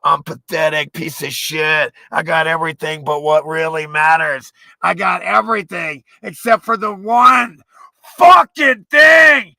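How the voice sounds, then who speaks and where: A man putting on a mocking voice of a whiny, self-loathing male sellout, rising into shouts. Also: on the high side, measured pace, vocal fry, no echo, voice pushed up, full character voice.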